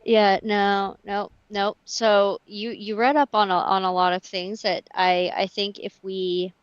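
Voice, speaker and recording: A woman's voice: medium pitch, level tone, measured pace, dry recording, lo-fi sound. A woman co-hosting a casual livestream, chatty and wry.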